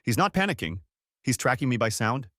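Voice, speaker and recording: A man's voice: medium pitch, brisk, no room sound. A man doing a cold, cocky young fighter. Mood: musing. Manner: calm, dry, mocking.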